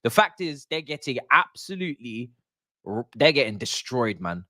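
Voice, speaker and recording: A man's voice: medium pitch, big pitch swings, moderate pace, pushed and bright, dry recording, clean studio sound. A young man hosting a live football watch-along, ranting in exasperation and slang.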